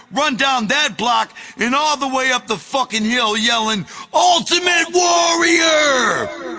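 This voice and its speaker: A man reading his own memoir aloud in a casual, profane storytelling manner that bursts into shouts. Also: high voice, big-room sound.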